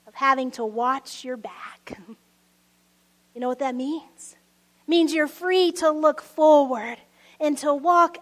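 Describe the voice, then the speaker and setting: Female preacher, high pitch, slow delivery, intimate sermon with soft near-whispered emphasis. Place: church service.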